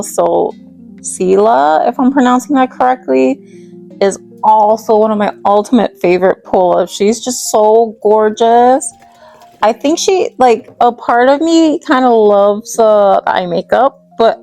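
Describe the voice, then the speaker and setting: Woman, casual doll vlog chat, rambling and giggly, mid pitch, faint background music. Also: gravelly, a little mellow. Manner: chatty and rambling, giggly, stumbles over names. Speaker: doll collector vlogger. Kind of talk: casual chat while restyling dolls.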